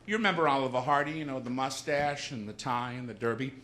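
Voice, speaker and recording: A man's voice: medium pitch, fast, fairly bright tone. A male stand-up comedian on a theater stage, chatting playfully with the audience between bits. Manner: chatty, playful set-up patter. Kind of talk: stand-up set. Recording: noisy live audience laughter.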